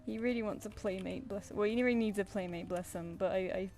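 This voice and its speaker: A streamer and artist from England, with a Southern English accent, chats casually while drawing in her home flat with a cat. She talks fast in a medium-pitched, a little mellow voice, rambling and restarting her sentences over soft background music.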